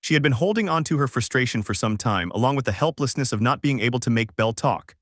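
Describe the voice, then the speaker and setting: A man narrates a fanfic story in a steady, even reading voice at a middling pitch. The sound is dry and close, with no room echo. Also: quick pace.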